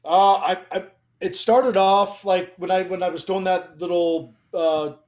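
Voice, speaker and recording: A man's voice: high-pitched, fairly even intonation, unhurried, a little mellow. A young man sharing a personal faith testimony in casual conversation, emotional and rambling, with frequent fillers and restarts. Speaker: guest.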